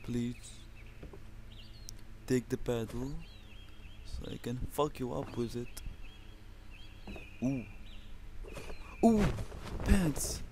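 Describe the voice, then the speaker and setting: A man from Lebanon hosting his own channel, giving excitable, profanity-heavy commentary on a survival game and talking trash at the enemies. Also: mid-range voice, very slow, long pauses, a little hiss or hum. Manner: excitable, swears constantly, talks to the enemies. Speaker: gaming channel host.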